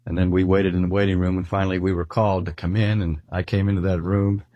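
Older man preaching with a husky voice. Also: deep voice, level tone, no echo, muffled recording. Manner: earnest, slowing down to stress key phrases. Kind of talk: sermon.

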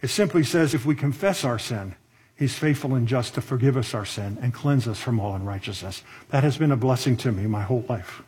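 Husky-voiced man preaching conversationally. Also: medium pitch, a little fast, darkish tone. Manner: conversational preaching with asides and rhetorical questions. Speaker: pastor. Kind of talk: sermon.

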